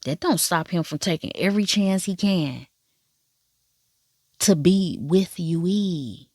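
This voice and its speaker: A woman giving casual drama commentary in an animated, profane, sassy way. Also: on the low side, slow pace, dry recording, clean studio sound. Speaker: drama reviewer. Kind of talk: casual watch-along commentary.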